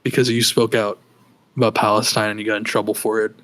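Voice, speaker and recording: A man's voice: on the low side, level tone, fast talker, fairly bright tone. A man co-hosting a casual film podcast, joking and trailing off mid-thought. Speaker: podcast co-host. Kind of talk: casual chat. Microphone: podcast microphone.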